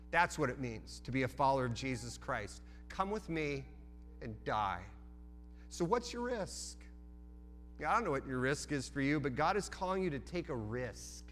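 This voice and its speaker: A man's voice: a little high, bright, forceful tone. A man preaching a sermon as pastor, earnest, with frequent restarts and repeated words.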